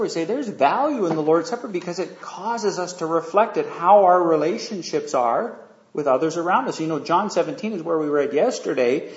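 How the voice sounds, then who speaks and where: Chatty preacher, echoey hall. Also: male voice, fairly high pitch. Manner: conversational, asks the audience questions, many fillers. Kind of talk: sermon with storytelling. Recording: echoey room, dull lo-fi sound.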